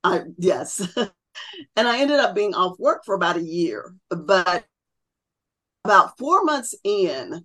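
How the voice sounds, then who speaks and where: A woman's voice: lowish voice, sing-song, slow, pauses often, a bit bright. Chatty middle-aged woman telling stories. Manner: chatty, acts out quoted voices. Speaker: podcast guest. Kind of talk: casual interview storytelling.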